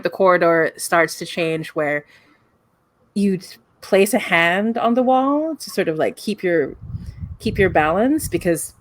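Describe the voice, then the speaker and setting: A woman's voice: fairly low pitch, dry recording. A woman narrating a tabletop game as game master, describing scenes at length with frequent "like" and "right?" fillers.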